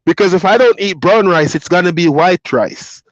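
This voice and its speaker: Jamaican guy on a livestream, high voice, easygoing, reads the chat and laughs a lot, dull dry lo-fi sound. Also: moderate pace, dry recording. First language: Jamaican Patois. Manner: reads viewer comments aloud and chats back, easygoing, laughs often. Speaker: truck driver streamer.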